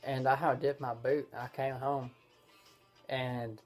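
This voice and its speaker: A young man, telling a story in halting casual chat as a vlog co-host. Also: medium pitch, level tone, a little mellow, soft background music. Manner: halting, full of restarts and fillers.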